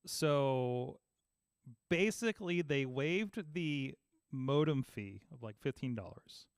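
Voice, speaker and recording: A man in casual podcast chat, telling an animated story and acting out both sides of phone calls. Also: medium pitch, takes it slowly, smooth, no echo. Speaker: podcast host.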